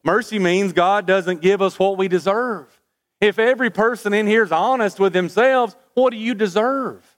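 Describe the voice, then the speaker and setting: Man, preacher, high voice, sermon, rhetorical questions, folksy, stammering restarts. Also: moderate pace.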